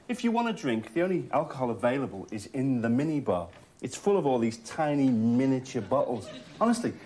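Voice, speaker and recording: A man does stand-up comedy in a dry, sardonic way and keeps chuckling at his own jokes. His pitch swings widely. The recording is noisy, with laughter in the background.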